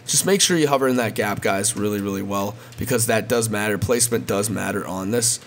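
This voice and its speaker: Casual man with a lowish voice, gameplay tutorial, faint hiss behind. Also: brisk. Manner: repetitive, addresses viewers as guys. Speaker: gaming video creator.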